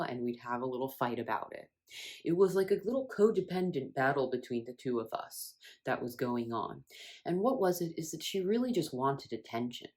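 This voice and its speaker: A low-pitched woman talking through inner healing in an earnest, reflective monologue. Her tone jumps upward sharply when she stresses a point, then settles back down. She sounds sincere and personal. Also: normal speed. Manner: earnest and expressive, with sudden rises in emphasis. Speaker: spiritual wellness creator. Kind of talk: reflective self-help monologue.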